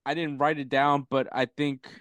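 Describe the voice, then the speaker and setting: A man of ordinary pitch talks soccer on a podcast in a loose, rambling way, cursing freely. His voice comes through smooth and resonant. The recording is dry and close. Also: level tone, normal speed, fairly bright tone, no room sound. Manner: rambling, swears, laughs often. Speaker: podcast co-host. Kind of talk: casual soccer chat.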